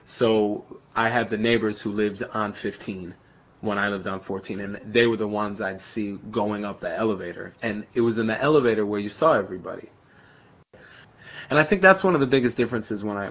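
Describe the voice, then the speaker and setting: A man with a New York accent talks in a loose, rambling way, as if chatting with a friend. His voice sits somewhat low. The recording is a bit muffled and dull. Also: a bit bright. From New York City. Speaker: daycare worker. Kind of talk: casual personal storytelling.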